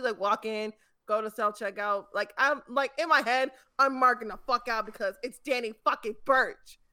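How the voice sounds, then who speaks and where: A woman's voice: fairly high pitch, pushed and bright. A woman who works in retail, chatting casually in an emphatic, profane way and laughing easily. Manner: emphatic, swearing, quick to laugh. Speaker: retail worker. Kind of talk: casual podcast chat.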